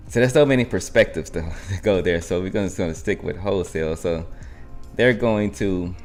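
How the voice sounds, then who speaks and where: Man, very low voice, live trading narration, rambling restarts, faint music underneath. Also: a little fast. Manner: rambling, restarts sentences, thinks aloud. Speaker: futures trading live-stream host.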